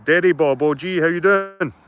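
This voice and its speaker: A man's voice: fairly high pitch, normal speed, fairly bright tone, clean tone. Middle-aged man, rambling and sweary. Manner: rambling, sweary, matter-of-fact. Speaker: livestreaming vlogger. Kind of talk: casual chat to live viewers. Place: outdoors at a garden allotment.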